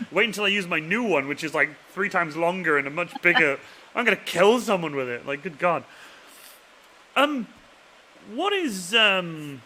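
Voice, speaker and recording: A man hosting a casual chat, telling animated stories that trail off quietly at the end. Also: a little hiss or hum. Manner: animated storyteller, voice drops low and trails off at the ends of stories. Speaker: host.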